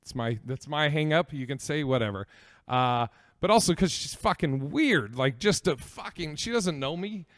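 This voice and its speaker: A man's voice: fairly high pitch, animated, normal speed, a bit bright, no echo, clean studio sound. A young man hosting a podcast, telling a story in a rambling, profane way with lots of fillers. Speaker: podcast host. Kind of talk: comedic storytelling.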